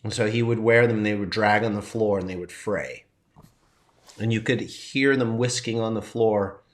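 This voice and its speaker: A man with a low-pitched voice speaks in a heartfelt, halting way. He is choked up and stops now and then to steady himself while telling his own story to a group as their teacher and coach. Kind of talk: emotional personal sharing.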